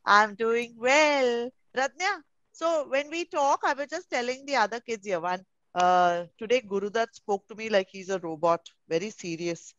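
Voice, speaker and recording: A woman's voice: on the high side, normal speed, a bit bright, no echo. A woman with an Indian English accent teaching pre-school children over a video call, coaxing and affectionate, calling them darling. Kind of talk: online class with young children. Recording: muffled video call audio.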